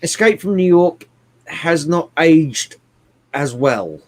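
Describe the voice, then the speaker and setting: A man chatting casually about films, animated and swearing often, with bursts of mimicry. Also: on the high side, takes it slowly. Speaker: podcast co-host. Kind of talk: casual movie chat.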